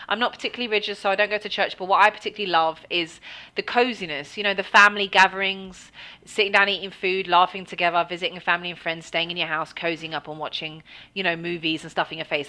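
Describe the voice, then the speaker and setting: A woman's voice: lowish voice, pushed and bright. An English woman co-hosting a podcast, chatting casually, laughing often and swearing freely. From England. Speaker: podcast co-host.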